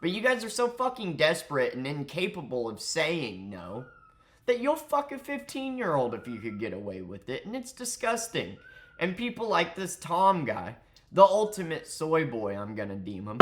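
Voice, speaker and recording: A man's voice: a little high, very animated, moderate pace. A man ranting angrily in a commentary vlog, profane and mocking. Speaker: commentary vlogger.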